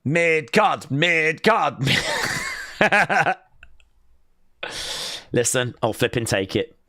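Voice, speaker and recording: A man hosting a live wrestling watch-along stream, reading out chat messages and reacting with excitable bursts of cheering. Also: on the high side, extremely slow, dry recording, clean studio sound.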